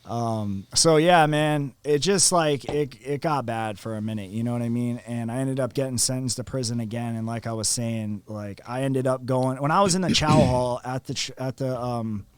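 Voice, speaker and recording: A young man from Florida, a podcast guest telling a story in a casual, profane, animated way. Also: medium pitch, moderate pace, few pauses, clean tone. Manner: animated, profane, acts out quotes.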